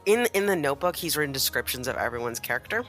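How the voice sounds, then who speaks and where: A man's voice: medium pitch, animated, fast talker, fairly bright tone, soft background music. A man playing a tabletop game, describing his character's actions in a rambling way. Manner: rambling, many fillers. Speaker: player.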